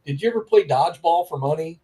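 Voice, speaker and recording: Dry-quipping man with mellow voice. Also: on the high side, lively intonation, quick pace, rough recording. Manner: dry, quips movie lines. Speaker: guest. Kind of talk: casual chat.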